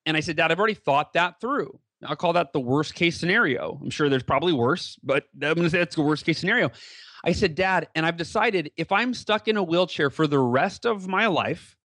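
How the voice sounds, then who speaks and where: A man telling a personal story as a podcast guest, earnest and animated, with many fillers and restarts. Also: on the high side, dry recording. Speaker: guest speaker.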